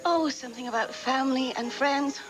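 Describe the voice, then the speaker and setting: A woman's voice: high voice, fairly quick, natural voice, rough recording. An actress playing a needy young bride-to-be pleading with her father in a soap opera. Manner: pleading and emotional. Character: spoiled young bride, needy and tearful daddy's girl. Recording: music under the dialogue.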